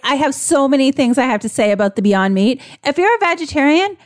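Woman, panelist, emphatic, slightly high voice, dry close sound. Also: expressive, fast, no echo. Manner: emphatic, rants with rising pitch. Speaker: podcast panelist. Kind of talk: casual panel chat.

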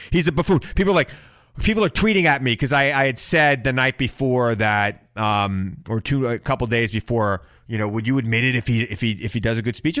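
A man's voice: on the low side, a bit bright, no room sound, clean studio sound. A man hosting a political talk show, giving emphatic, sarcastic commentary and repeating his points.

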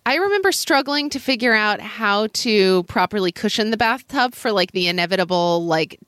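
A woman's voice: medium pitch, lively intonation, normal speed, a bit bright, no room sound, studio quality. A woman co-hosting a podcast, joking playfully in casual chat. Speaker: podcast co-host.

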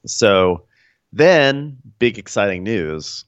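A man's voice: deep voice, moderate pace, no room sound. Wry man recapping with dull audio. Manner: wry, animated storytelling. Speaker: podcast co-host. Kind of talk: comedic recap chat.

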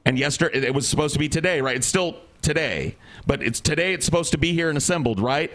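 A man's voice: a little high, lively intonation, fast, few pauses, fairly bright tone. A man on a podcast telling a rambling, exasperated story in casual chat, acting out the people he quotes. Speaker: podcast co-host.

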